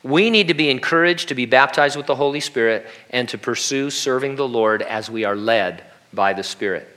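A man preaches a sermon with a bright, forceful voice. He keeps it conversational, slipping into humorous asides and acting out the lines he quotes. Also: mid-range voice, normal speed. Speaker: pastor.

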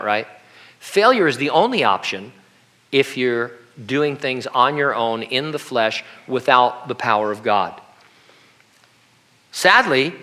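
A man preaches a sermon with a bright, forceful voice. He keeps it conversational, slipping into humorous asides and acting out the lines he quotes. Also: medium pitch. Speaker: pastor.

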